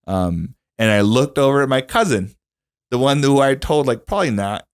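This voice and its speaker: A man's voice: medium pitch, lively intonation, normal speed, clean tone, no room sound, studio quality. A man co-hosting a podcast, recounting his wedding day in casual chat, emotional and full of fillers. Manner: emotional storytelling with lots of fillers. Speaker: podcast co-host.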